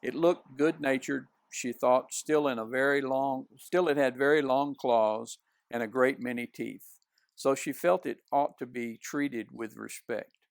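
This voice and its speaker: A man reading a children's novel aloud in unhurried storybook narration. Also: medium pitch, creaky, no echo. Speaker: reader.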